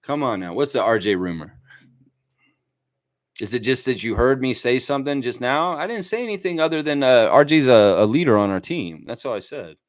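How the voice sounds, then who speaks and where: Animated man hosting a fan livestream. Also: mid-range voice, a little fast, dry recording. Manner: animated, rambling, talks to chat. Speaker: fan channel host. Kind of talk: casual livestream commentary.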